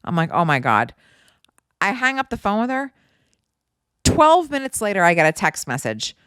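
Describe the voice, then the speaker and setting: A woman hosting her own podcast, telling a story in a casual, animated way, cursing freely and often breaking into laughter. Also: medium pitch, normal speed, clear, resonant tone, no room sound, studio quality. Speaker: podcast host.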